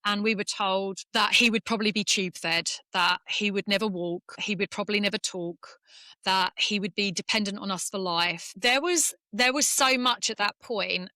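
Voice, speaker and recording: A woman's voice: medium pitch, moderate pace, pushed and bright, no echo. A woman from England, a former golfer, candidly telling an emotional personal story in an interview, close to tears at times.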